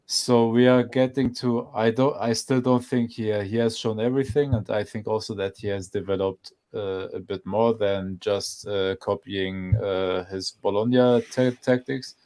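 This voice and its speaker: A man's voice: on the low side, fairly even intonation, a little slow, hardly any pauses. A man co-hosting a casual football watch-along, talking with many restarts and repeated words. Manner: hesitant, repeats words, trailing off softly. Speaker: co-host of a football show.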